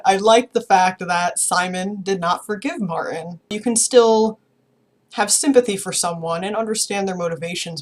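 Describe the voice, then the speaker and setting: A young woman chatting enthusiastically as she reviews a novel for her channel. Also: on the low side. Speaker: book reviewer. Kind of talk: casual book review.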